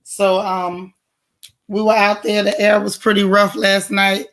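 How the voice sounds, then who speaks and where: Hoarse woman hosting a chatty livestream. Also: mid-range voice, level tone, measured pace. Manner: warm, chatty, greets viewers by name. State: hoarse, strained voice. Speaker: livestream host. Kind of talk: casual livestream greetings to viewers.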